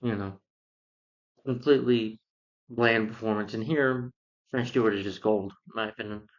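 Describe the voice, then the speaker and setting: A man's voice: on the low side, steady tone, normal speed. Rambling male film reviewer, lo-fi sound. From lives in Georgia, US. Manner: rambling, filler-heavy retelling of the plot. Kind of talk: casual spoken film review.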